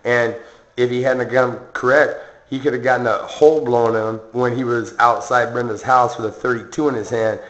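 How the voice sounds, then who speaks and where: A man's voice: mid-range voice, steady tone, fairly quick, fairly bright tone, echoey room, dull audio. A man delivering a rambling, boastful, threatening rant to the camera, filled with "um" and "okay". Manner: boastful, confrontational, full of ums and okays. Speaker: vlogger.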